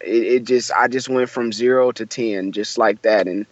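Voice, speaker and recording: A man's voice: medium pitch, steady tone, moderate pace, dry recording, muffled recording. A young man from Michigan, a musician guest, telling a story in a casual interview, acting out the voices of the people in it and using lots of fillers. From Michigan, USA.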